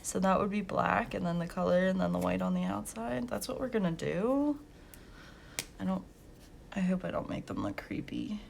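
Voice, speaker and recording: A woman's voice: mid-range voice, expressive, moderate pace, creaky, slight background noise. A young woman hosting a coloring channel, chatting casually and telling work stories with lots of laughs and fillers. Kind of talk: casual chat while coloring.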